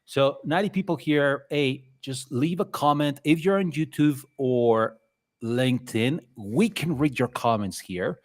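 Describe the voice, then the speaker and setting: A man's voice: medium pitch, measured pace. A man hosting a livestream in a chatty, rambling, playful way. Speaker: livestream host. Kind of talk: casual live chat.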